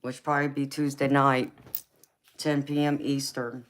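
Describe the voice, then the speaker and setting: A woman with a Georgia Southern accent hosts a late-night live stream, talking in a slow, easy drawl. She chats with viewers in a casual, affectionate way, calling them baby and honey, with frequent laughs. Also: a bass voice, level tone. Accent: Southern American (Georgia). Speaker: tarot reader hosting a live stream. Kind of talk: casual live-chat reading out viewer comments.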